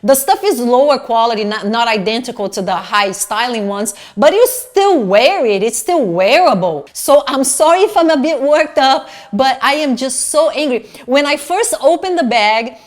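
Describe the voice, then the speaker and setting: A middle-aged woman ranting in a casual vlog, animated and indignant, swearing freely as she talks to viewers at home. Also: sits high, normal speed, hardly any pauses. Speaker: fashion vlogger.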